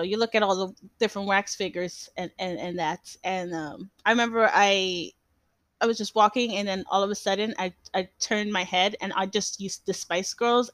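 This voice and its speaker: A young woman hosts a casual solo podcast in a mid-range, slightly bright voice at a moderate pace, with no room sound. She rambles, uses lots of fillers and restarts, and laughs often.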